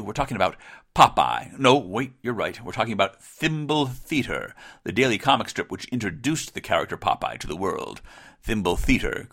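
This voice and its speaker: A man's voice: fairly low pitch, fairly bright tone. A man hosting a podcast, narrating a script in a playful, mock-dramatic way with theatrical whispered asides. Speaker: podcast host.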